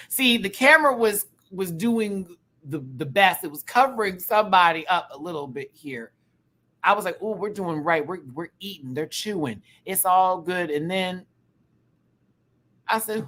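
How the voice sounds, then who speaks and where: A man casually reviewing a show live, animated and campy, often laughing and singing bits. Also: medium pitch. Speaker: YouTube reviewer.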